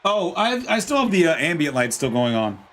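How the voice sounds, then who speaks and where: A man's voice: fairly high pitch, big pitch swings, a little fast, fairly bright tone. A man hosting a live-streamed simulated wrestling show, announcing entrances with hammy rolled R's and joking and laughing with his chat from a home green-screen setup. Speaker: wrestling commentator and stream host.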